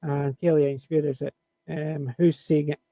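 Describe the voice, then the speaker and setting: A man chatting on a panel, telling an animated anecdote and chuckling at his punchlines. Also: a little high, normal speed, no room sound, highs cut off. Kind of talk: casual storytelling chat.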